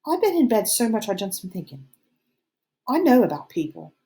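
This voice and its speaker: Audiobook: woman doing nervy, fussy schoolboy, high and squeaky, pleading. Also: very animated, moderate pace, warm tone. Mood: plaintive. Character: anxious fat schoolboy with asthma, fussy. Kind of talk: audiobook reading.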